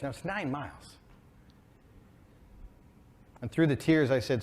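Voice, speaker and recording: A man in his forties telling an emotional, inspiring story on stage as a keynote speaker, building to excited peaks. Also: medium pitch, slow, pauses often. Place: stage before a live audience.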